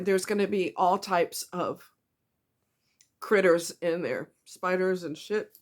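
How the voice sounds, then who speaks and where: An emotional woman vlogger with a voice on the low side makes a personal confessional vlog, her throat tight. She speaks haltingly, with frequent ums and restarts, and swears bluntly.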